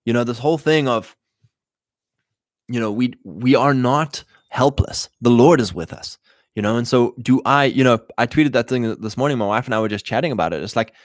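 A man with a mid-range voice speaks at normal speed in a dry, clean studio recording. As a podcast host addressing men, he gives a casual but preachy talk, bluntly exhorting his listeners and retelling old stories in everyday slang.

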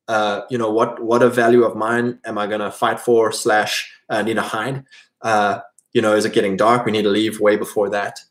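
A man with a South African accent talks casually, in a loose, rambling way. His voice sits at an ordinary middle pitch. He fills his talk with fillers and restarts. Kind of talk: casual monologue.

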